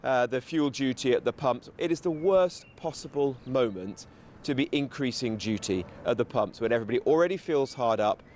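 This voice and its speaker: A man appearing as a politician guest on a radio show, laying out his case in steady, rhetorical lists. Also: mid-range voice, moderate pace, a little hiss or hum. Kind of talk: political talking points.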